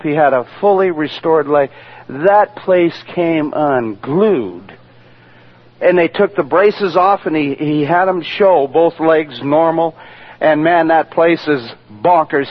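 A man giving a spoken testimony in a preacher's storytelling manner, acting out the voices of the people he quotes. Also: on the high side. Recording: dull lo-fi radio recording.

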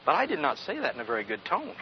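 A man's voice: fairly high pitch, huge pitch swings, fast talker, a crowd in the background. A man in his sixties preaching a folksy sermon, often asking the congregation questions and chuckling. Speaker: pastor. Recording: dull lo-fi recording.

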